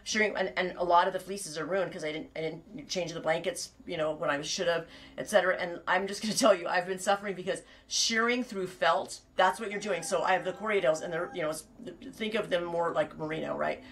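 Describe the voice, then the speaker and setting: Talking slightly quickly in a fairly low, fairly bright voice, this woman runs a relaxed knitting stream from her sheep farm, wandering off topic, interrupting herself, laughing a lot and cursing occasionally.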